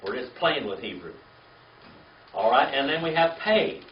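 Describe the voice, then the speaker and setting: A man's voice: mid-range voice, sing-song, moderate pace, slight background noise. Man, Bible class teacher, patient lecturer, off-mic in a live room, muffled lo-fi tape. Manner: patient, checks in with "okay?" and "all right?". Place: church classroom with a live audience. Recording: roomy, distant, dull lo-fi room recording.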